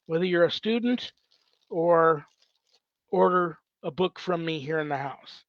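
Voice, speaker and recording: A man's voice: fairly high pitch, normal speed, no echo, highs cut off. A man, a priest hosting his own show, answers viewer questions at home in a casual, rambling way full of fillers. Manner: rambling, filler-heavy, thinking aloud. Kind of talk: casual livestream Q&A.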